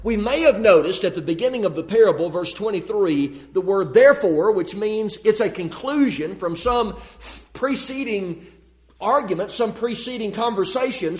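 A man preaching a sermon, reading scripture aloud in a measured, deliberate way with emphatic pauses. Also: sits high.

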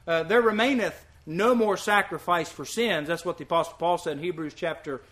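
Preaching a little fast, a male visiting preacher speaks in a high, ringing voice with a bright, pressing edge. He is earnest and emphatic, repeating his points to drive them home.

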